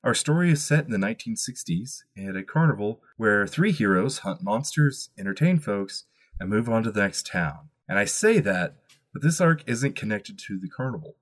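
Low husky man running the game. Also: lively intonation. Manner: slow, hushed storytelling that drops to a murmur. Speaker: game master. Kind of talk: scripted horror narration and table chat.

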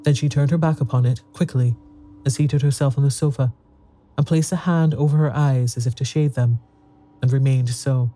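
A man narrates a story in an even, measured way. His voice is very dark and mellow. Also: medium pitch. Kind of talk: audiobook narration.

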